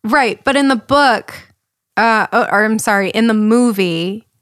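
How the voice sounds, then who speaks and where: A woman's voice: a little high, measured pace, a bit bright, dry recording, studio quality. A young woman co-hosting a podcast, chatting casually and laughing often as she recounts a story's plot. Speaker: podcast co-host. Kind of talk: casual chat.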